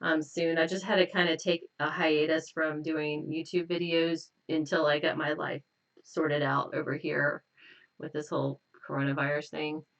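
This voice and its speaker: A woman hypnotist hosts a live stream, casually guiding viewers through a tapping exercise with repeated affirmations. She is relaxed and talkative, laughs a lot, and seems slightly tired. Her voice is deep at a normal speed, and the audio is poor, from a distant mic.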